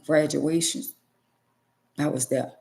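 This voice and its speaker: A woman's voice: low-pitched, fairly even intonation, slow pace, vocal fry, mellow. A middle-aged woman vlogger giving an emotional personal testimony to her viewers, emphatic and preachy, repeating phrases for stress.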